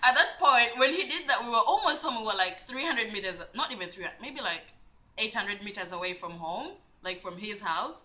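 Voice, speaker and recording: A woman vlogger telling a personal story in a dramatic, animated way, cussing freely. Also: fairly high pitch, a little fast, low-quality recording. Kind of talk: storytime vlog.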